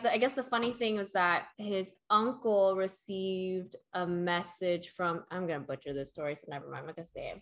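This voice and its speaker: A woman's voice: medium pitch, fairly bright tone. A young woman in casual chat, telling a long story full of fillers and acted-out quotes.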